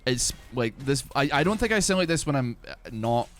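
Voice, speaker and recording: A young man from Glasgow with a softened Scottish accent, chatting casually and profanely on a game stream, with lots of "like" and "man". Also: mid-range voice, lively intonation, fairly quick. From Glasgow, Scotland. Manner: rambling, profane, full of "like" and "man". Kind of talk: casual live-stream chat while gaming.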